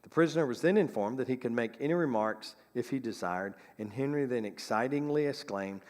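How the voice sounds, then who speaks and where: A man's voice: mid-range voice, a little fast, few pauses, darkish tone, long reverb tail. A man presenting local history, reading an old newspaper account aloud with chatty asides, in a church sanctuary.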